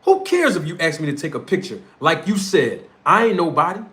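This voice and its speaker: With pitch swooping wildly, a man with a North Philadelphia accent delivers a heated, confrontational livestream rant in street slang. He's a streamer and show host whose voice is on the high side, brisk, bright, and forceful.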